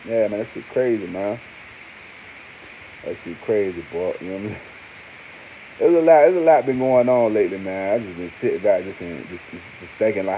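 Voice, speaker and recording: Man, casual commentator, animated and slangy, warm mellow tone, muffled with light hiss. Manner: animated, swings to high exclaims, heavy slang and repeated fillers. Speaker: online commentator. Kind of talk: casual monologue on hip hop news.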